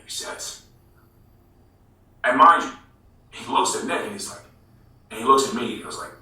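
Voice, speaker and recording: A man telling a story in a casual interview, animated and swearing freely, calling people bro. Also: medium pitch, moderate pace, long pauses. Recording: echoey room, mic far off.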